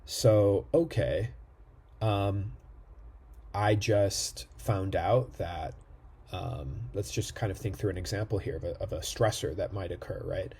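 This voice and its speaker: A man's voice: low-pitched, measured pace, dark tone, husky. A man giving a recorded lecture in a conversational way, thinking aloud with fillers and checking in with "right?".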